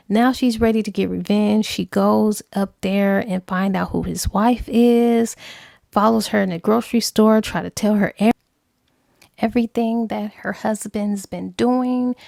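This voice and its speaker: Gravelly-voiced woman recapping a novel. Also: fairly high pitch, no echo, studio quality. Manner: animated storytelling with acted dialogue. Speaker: book reviewer. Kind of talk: casual retelling of a novel's plot.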